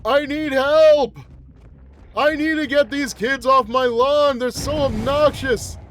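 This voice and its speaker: A man's voice: extremely high pitch, slow pace, a bit bright, a little hiss or hum, exaggerated voice. A man voicing a cranky, rambling old man who is a mutated flower-headed monster, grumbling and groaning as he complains. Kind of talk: gameplay roleplay commentary.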